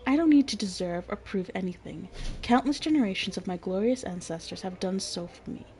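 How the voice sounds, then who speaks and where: A woman reading an arrogant male baron, dark-toned. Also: medium pitch, animated, brisk, lightly acted. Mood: haughty. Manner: scornful, condescending.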